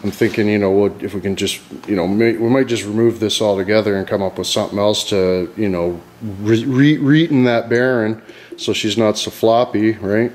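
A man's voice: fairly low pitch, fairly even intonation, normal speed, darkish tone. A man rambling casually and profanely about his projects, full of folksy slang. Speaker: vlogger.

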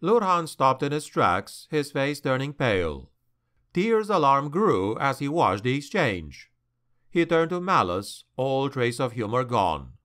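A man narrating a dark fantasy audiobook in a slow, deliberate, dramatic manner. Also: medium pitch, sing-song.

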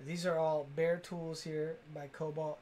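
Here the tool channel host's fairly high voice is level, unhurried, and darkish in tone. He still runs the giveaway livestream upbeat, chatting casually, calling out to viewers, and reading their comments aloud.

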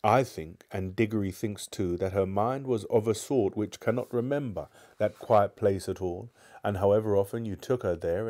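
A man's voice: on the low side, warm tone. A man reading a children's novel aloud live, sometimes stumbling and restarting lines. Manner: stumbles and restarts, apologizes to viewers. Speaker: book reader.

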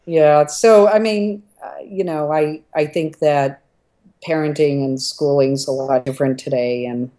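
Low-voiced woman telling lively stories. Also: measured pace. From Southern California. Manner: animated, laughs through anecdotes. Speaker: interview guest, entrepreneur. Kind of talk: casual interview storytelling.

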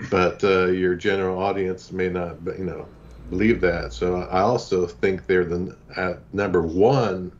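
Deep-voiced male podcast panelist, halting and casual, muffled lo-fi audio with faint hiss. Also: darkish tone. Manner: hesitant, many fillers and restarts. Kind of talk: casual chat. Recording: dull lo-fi line with faint noise.

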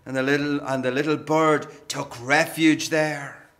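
A man preaching a gentle sermon, often calling his listeners friends. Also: a little high, level tone, unhurried. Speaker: pastor.

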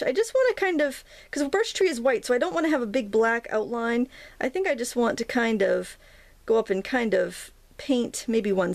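A woman's voice: on the high side, creaky, dry recording. A woman in her thirties hosting a casual painting tutorial, chatty and rambling, with lots of ums as she works. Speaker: craft video host.

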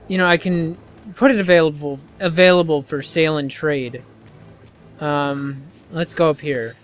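A man mutters his way through a video game at an unhurried pace, swearing often in irritation. His voice is fairly high for a man, smooth and clear. Faint game music plays under him. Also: fairly bright tone. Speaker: gameplay commentator. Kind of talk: frustrated let's-play commentary.

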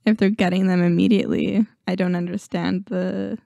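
A young woman co-hosting a casual podcast with her husband, her voice hoarse from a sore throat, laughing often and poking fun at herself. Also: lowish voice, flat delivery, moderate pace, mellow, no echo, lo-fi sound. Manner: laughs often, self-deprecating. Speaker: podcast co-host. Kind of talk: casual chat. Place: home, on a couch.

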